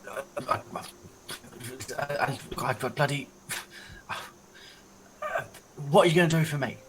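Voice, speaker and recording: A man's voice: on the high side, unhurried, background noise, natural voice. A man voicing a shifty, crude male goblin who talks in cockney-style slang and bargains for his freedom. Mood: wheedling. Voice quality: cockney-style slang, bloke-ish mumble.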